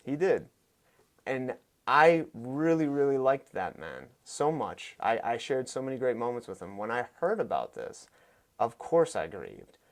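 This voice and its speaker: A man in his thirties, a fight coach and podcast guest, telling stories in an animated, emphatic way with quick bursts of speech. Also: mid-range voice. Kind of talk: conversational storytelling.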